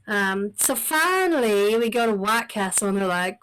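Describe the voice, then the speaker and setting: A woman's voice: mid-range voice, brisk, rough recording. A woman from the South, co-hosting a casual podcast chat, blunt and swearing freely. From American South. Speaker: podcast co-host. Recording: recorded too loud, faint noise.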